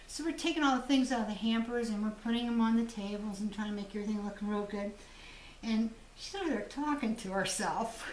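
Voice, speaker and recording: Brisk and medium-pitched, this jewelry designer talks casually to her channel's viewers, spinning stories and laughing readily. A slight hiss or hum sits under the audio, which was captured from a distance in an echoey room of her home shop.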